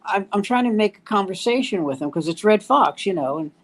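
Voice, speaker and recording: A man's voice: high voice, lively intonation, brisk. An older man hosting a casual chat among comedians, telling anecdotes and acting out the voices of the people in them. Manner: storyteller who acts out quoted voices. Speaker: host.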